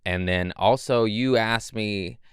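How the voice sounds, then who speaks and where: A man, a comedian guest, telling stories casually and animatedly, swearing and acting out quotes in high voices. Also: slow, clean tone, no room sound, studio quality. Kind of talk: casual storytelling.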